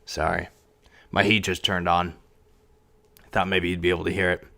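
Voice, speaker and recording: A man with a fairly low voice hosts his own podcast from his couch at home. He talks casually and rambles, full of fillers, false starts and self-deprecating asides, speaking into a podcast mic with a pop filter. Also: little pitch movement, moderate pace, gravelly, sharp tone. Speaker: podcast host. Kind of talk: solo casual podcast chat. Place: echoey home room, on a couch.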